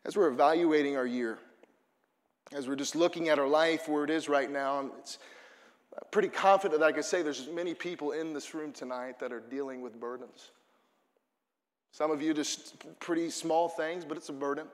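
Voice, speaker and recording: A man's voice: a little high, moderate pace, in a large hall. A man preaching a sermon to his congregation, earnest and building to fervent emphasis. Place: church auditorium.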